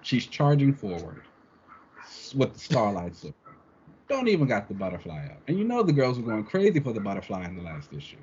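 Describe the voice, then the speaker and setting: A man casually recapping a comic book in a podcast, animated and full of "like", often acting out the characters' lines. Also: lowish voice, fairly quick. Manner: animated, acts out characters' quotes, frequent "like". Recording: dull lo-fi sound with faint noise.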